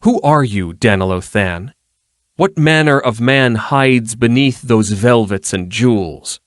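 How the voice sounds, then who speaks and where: A man's voice: mid-range voice, slow pace, dry recording, studio quality, voice pushed up, lightly acted. A man reading an audiobook, voicing a proud, fiery half-elf woman with a raised voice. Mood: demanding. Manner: sharp and demanding.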